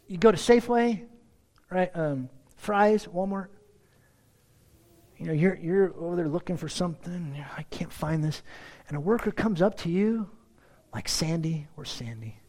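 A man preaching a sermon as pastor, conversational and animated, talking straight to his congregation. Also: high-pitched, measured pace, long pauses. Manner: animated, acts out everyday dialogue in different voices; conversational, addresses the congregation directly.

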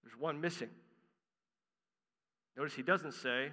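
A man's voice: fairly high pitch, moderate pace, sharp tone, big-room sound. A man preaching an earnest sermon, explaining a scripture passage and reading it aloud to his congregation.

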